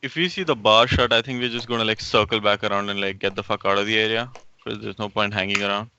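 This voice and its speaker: A man's voice: fairly low pitch, fairly even intonation, pushed and bright, smooth. A man playing a tabletop game who speaks bluntly and fills his talk with "like". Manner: quick, blunt, with lots of "like". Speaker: player. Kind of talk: casual chat during a tabletop game. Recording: dry dull lo-fi recording.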